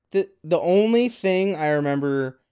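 A man's voice: a little high, mellow, clear, resonant tone, no echo, clean studio sound. A man co-hosting a podcast in casual chat, rambling with fillers and laughing often. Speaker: podcast co-host.

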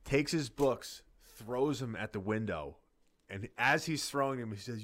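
A man's voice: medium pitch, unhurried, fairly bright tone. A man casually telling a rambling, profane story in a podcast chat.

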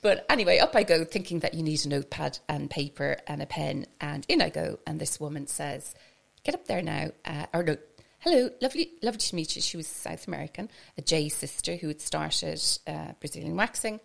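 A woman with a West Cork Irish accent, a podcast guest telling a story in a scattered, animated way and laughing as she goes. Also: low voice, a little fast, gravelly, hardly any pauses. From Ireland, West Cork. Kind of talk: casual storytelling chat.

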